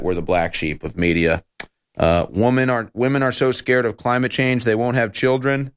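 A man's voice: fairly low pitch, fairly bright tone. A man hosting a talk radio show, delivering an emphatic, indignant monologue and repeating his phrases for effect.

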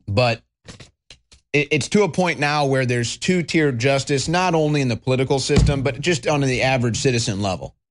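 A man hosting a political talk show, ranting in a combative, mocking way and swearing freely. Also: medium pitch. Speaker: political commentary host. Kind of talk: angry political rant.

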